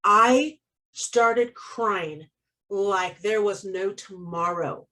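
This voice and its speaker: A woman's voice: mid-range voice, very slow, distant mic. A woman co-hosting a casual chat, telling a personal story animatedly, laughing often and acting out what people said. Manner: animated, laughs often, acts out quoted voices. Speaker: co-host.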